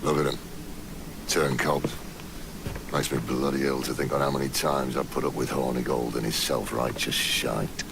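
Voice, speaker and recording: An actor playing a gruff, foul-mouthed pirate captain with a gravelly, blunt and contemptuous manner. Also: male voice, very deep voice, level tone, normal speed. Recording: noisy game audio.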